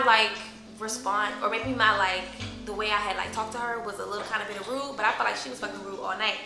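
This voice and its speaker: Animated, profane woman telling a story. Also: fairly high pitch. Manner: animated, profane, acts out quoted voices. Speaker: vlogger. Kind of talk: casual storytelling to camera. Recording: echoey room with loud music behind.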